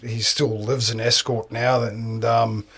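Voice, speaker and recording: A man's voice: medium pitch, level tone, slow, vocal fry, a bit bright, husky. A man with a South African accent, a podcast guest chatting casually and answering in short, trailing phrases. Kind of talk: casual chat. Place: sauna.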